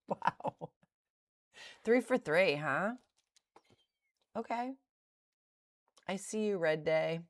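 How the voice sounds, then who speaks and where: Middle-aged woman trader on a live stream, deep and measured, laughs off her losses. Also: lively intonation. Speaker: day trading livestreamer. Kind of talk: casual livestream commentary.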